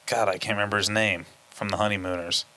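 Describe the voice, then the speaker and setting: A man's voice: lowish voice, fairly even intonation, fast, bright, forceful tone. A man co-hosting a podcast, chatting casually in a rambling, joking way with many fillers. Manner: rambling, jokey, lots of fillers. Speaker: podcast co-host. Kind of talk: casual chat.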